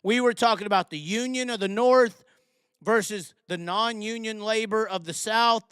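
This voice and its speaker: Guy hosting a live stream, high voice, goes off sarcastic, dry close sound. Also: moderate pace, a bit bright, clear, resonant tone, no echo. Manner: sarcastic, ranting, mocking. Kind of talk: live call-in chat show.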